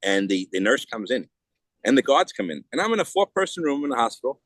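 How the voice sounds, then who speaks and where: A man speaking as a podcast guest in a heated, rapid way, often restarting and repeating words. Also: medium pitch, big pitch swings, a bit bright, dry recording. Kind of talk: casual interview talk.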